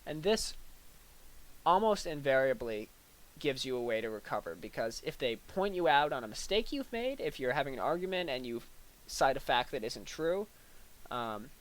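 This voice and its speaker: In a rough recording, a young man speaks in a mid-range voice, giving a parody lecture with a deadpan, mock-serious air. His delivery halts and fills up with fillers, and he slips in little acted-out asides.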